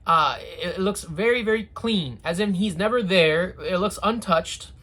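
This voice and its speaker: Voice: medium pitch, moderate pace, a bit bright. A TV reviewer chatting casually through an episode, with sarcastic asides and rambling restarts.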